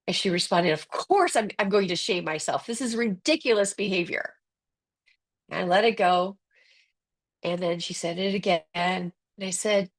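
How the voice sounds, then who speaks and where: A woman's voice: fairly low pitch, moderate pace. A woman coach giving a webinar talk in an earnest, conversational way, acting out quotes and using many fillers. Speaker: ADHD coach presenting a webinar. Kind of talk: webinar presentation.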